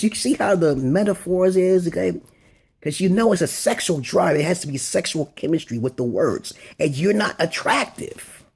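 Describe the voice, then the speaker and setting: Male vlogger, husky, blunt and crude, loose off-the-cuff advice monologue. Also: high-pitched, expressive, moderate pace, a little mellow. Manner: blunt, rambling and crude, with frequent "okay?" check-ins.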